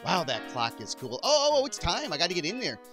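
Man doing a giggly, excitable bunny puppet. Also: sits high, fast talker, music in the background, full character voice. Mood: excited. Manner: giggly, stammering, scatterbrained. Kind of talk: live puppet show for children.

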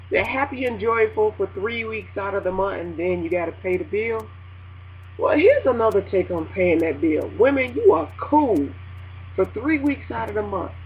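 A woman hosting a casual gospel internet radio show, animated and joking, laughing often between lines. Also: medium pitch. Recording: dull lo-fi home recording with faint noise.

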